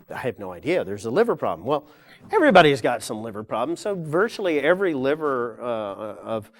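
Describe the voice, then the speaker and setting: Older man lecturing, rambling and self-correcting. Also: mid-range voice. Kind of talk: live lecture to an audience. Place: lecture room with audience.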